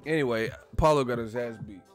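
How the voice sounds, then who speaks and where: A man hosting a video, ranting in a profane, animated, joking way. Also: medium pitch, a little fast, faint music behind. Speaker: video host. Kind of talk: casual comedic rant.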